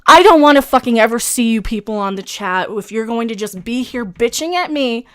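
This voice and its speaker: Woman streamer, high swooping voice, furious profane rant, grieving. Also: lively intonation, fairly quick. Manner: furious, profane, shouting at chat trolls. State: grieving, agitated. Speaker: live stream host. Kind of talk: angry live-stream rant.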